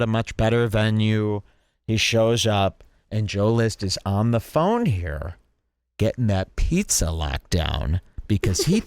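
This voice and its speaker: Animated man mocking clips, dry sound. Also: on the low side, clear, resonant tone, no echo. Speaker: podcast host. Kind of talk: commentary over clips.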